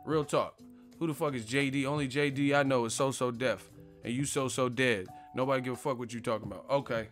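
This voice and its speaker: A man's voice: mid-range voice, a little fast, a bit bright, soft background music. A man hosting a boxing live stream, reading chat questions and answering in a brash, mocking, profane trash-talk manner.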